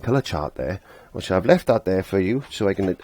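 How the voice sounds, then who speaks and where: A man's voice: low voice, expressive, moderate pace, a little mellow, dry recording. A middle-aged man teaching a casual painting lesson, chatty and laughing at himself, trailing off when he concentrates.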